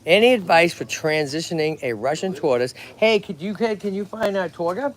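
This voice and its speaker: Chatty massachusetts guy on a livestream outside, fairly high voice, keeps going "okay? right?". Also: animated, moderate pace, a little hiss or hum. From Lowell, Massachusetts. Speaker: tortoise rescue host. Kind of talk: livestream chat. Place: outdoors at a tortoise pond.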